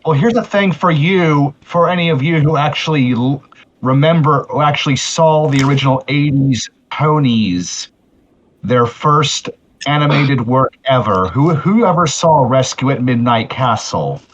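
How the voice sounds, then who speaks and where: A man's voice: mid-range voice, a little slow. A man chatting eagerly as a player in a tabletop game, quizzing the others with questions. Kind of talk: casual chat during a tabletop game. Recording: muffled lo-fi audio.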